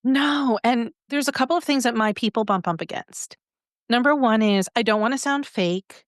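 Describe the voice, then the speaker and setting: A middle-aged woman who coaches on brand voice, talking in a lively, conversational way as a podcast guest. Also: a little high, normal speed, no room sound, clean studio sound. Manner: animated, acts out examples in shifting voices.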